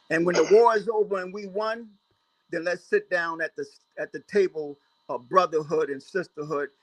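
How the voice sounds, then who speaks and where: A man's voice: fairly high pitch, dry recording, low-quality recording. Man giving a rallying speech, dry sound. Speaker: guest speaker.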